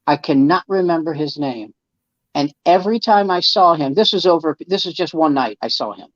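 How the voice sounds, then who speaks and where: A man's voice: a little high, animated, normal speed, fairly bright tone, no room sound. A man, a comedian guest, telling anecdotes in casual chat and acting out the quoted dialogue, with many restarts. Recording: dull dry lo-fi sound.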